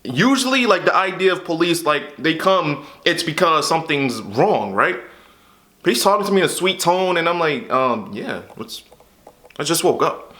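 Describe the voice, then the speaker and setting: Exasperated young man with a bright voice. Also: on the high side, lively intonation, normal speed. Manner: frustrated, exasperated storytelling with repeated "what the hell". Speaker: YouTube creator. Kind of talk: candid personal monologue to camera.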